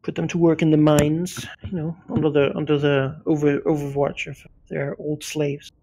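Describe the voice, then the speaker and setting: A man's voice: a little high, little pitch movement, normal speed, mellow. A man co-hosting a let's play, making dry, joking asides in casual chat.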